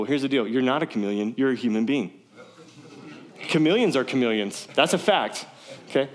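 A man's voice: medium pitch, lively intonation, normal speed, pauses often. A man preaching a sermon in a casual, conversational way, often asking his listeners questions. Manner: conversational, asks the audience questions. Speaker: pastor. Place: church service, also streamed online.

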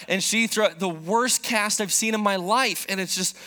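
A man in his thirties preaching a sermon, telling a personal story in an animated, joking way. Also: sits high, normal speed. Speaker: pastor.

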